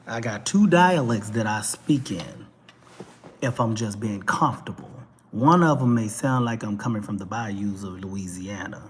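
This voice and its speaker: A man's voice: lowish voice, animated, unhurried, slightly rough. A man with a Texas twang hosting a talk show, giving a blunt, emphatic and profane ranting monologue that keeps hammering the same points. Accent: Texan twang.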